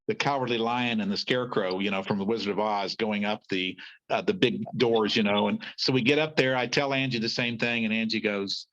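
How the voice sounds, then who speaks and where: A man's voice: lowish voice, fairly quick, dull audio. A man guest in a conversation, telling a story and acting out the people he quotes. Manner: lively anecdote-teller, acting out the people he quotes. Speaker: podcast guest.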